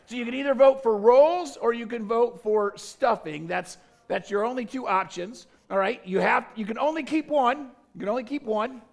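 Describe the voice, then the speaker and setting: A pastor at a church service running a playful, jokey poll with the congregation, calling out to the crowd. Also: male voice, high voice, gravelly. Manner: jokey, energetic, calls out to the crowd. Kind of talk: playful audience poll from the stage.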